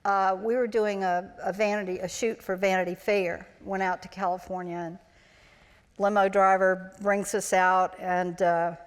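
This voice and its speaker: A woman in her sixties who was once a child actor tells chatty anecdotes on stage during a live interview, acting out the voices of people she quotes. Her voice is medium-pitched, level, clear and resonant, at a moderate pace. The live event takes place in a large auditorium, and the hall adds long reverb.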